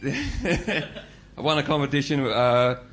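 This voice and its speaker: A man's voice: mid-range voice, big pitch swings, slow pace, a bit bright, a little hiss or hum. A man performing a stand-up set. He delivers wry, observational material with rising quips. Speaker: stand-up comedian. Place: comedy club stage.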